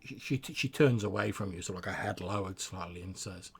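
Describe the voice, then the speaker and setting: A man's voice: low voice, a little fast, gravelly, few pauses, a little hiss or hum. A man narrating as game master, describing scenes with frequent stammered restarts.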